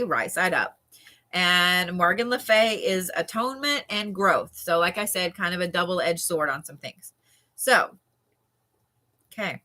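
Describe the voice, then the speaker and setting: Woman in her 30s, live card reader; slightly low, bright voice, casual and frank. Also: animated. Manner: chatty and candid, swears casually, drawls slowly at times. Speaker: tarot card reader on a livestream. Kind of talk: live card reading, casual chat with viewers.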